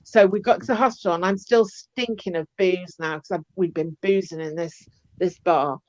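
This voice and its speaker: A woman telling a lively anecdote in a casual chat, acting out the people in it. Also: fairly low pitch, moderate pace. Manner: chatty, animated anecdote with acted-out quotes. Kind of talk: casual storytelling. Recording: dull lo-fi stream audio.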